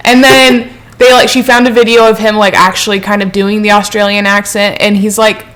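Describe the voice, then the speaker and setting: A young woman co-hosting a podcast, chatting and gossiping in an animated way. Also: medium pitch, fairly quick. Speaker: podcast co-host. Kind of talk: casual chat.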